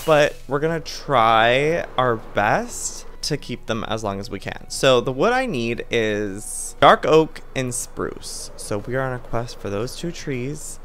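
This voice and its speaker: Animated man narrating his Minecraft play. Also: medium pitch, slow pace, few pauses, a little hiss or hum. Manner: animated, theatrical, talks to game mobs with mock outrage. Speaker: gaming channel host. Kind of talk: Minecraft gameplay commentary.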